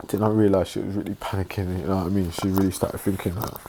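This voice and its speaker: Deep gravelly man, halting storytelling. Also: little pitch movement, noisy background. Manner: halting, reflective, many pauses and restarts. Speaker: online religious presenter. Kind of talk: personal storytelling.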